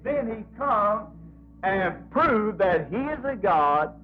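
Fervent high-voiced preacher on muffled tape. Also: male voice, sing-song, takes it slowly, faint music behind. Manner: fervent, rhythmic repetition, folksy phrasing. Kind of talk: revival sermon.

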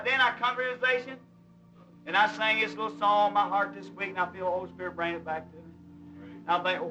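A man's voice: sits high, pushed and bright, muffled recording. A man preaching a fervent, folksy sermon in plain vernacular, breaking into hymn singing. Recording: old recording, voice a bit far from the mic, with music. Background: hymn music.

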